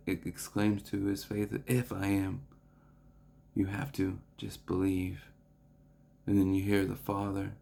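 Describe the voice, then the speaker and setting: A young man reading scripture and reflecting on it in an earnest devotional talk, halting with restarts and fillers. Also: on the low side, vocal fry, a little mellow. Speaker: preacher.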